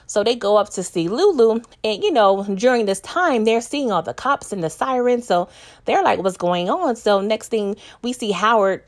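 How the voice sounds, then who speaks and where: A woman's voice: a little high, lively intonation, moderate pace. A young woman from New York giving a casual, chatty recap of a TV episode, laughing often and talking straight to her viewers. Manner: chatty, laughs often, addresses viewers as "y'all", acts out characters' lines.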